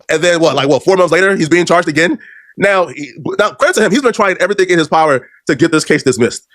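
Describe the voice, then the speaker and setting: Fast mocking male commentator. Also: a little high, dry recording, clean studio sound. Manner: animated, mocking, slang-heavy. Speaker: commentary video host.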